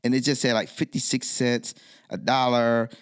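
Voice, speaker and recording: Smooth and medium-pitched, the voice belongs to a middle-aged man who works as a DJ and is a guest on a podcast. At a moderate pace he recounts a story casually, bringing the quoted dialogue to life with lively acting.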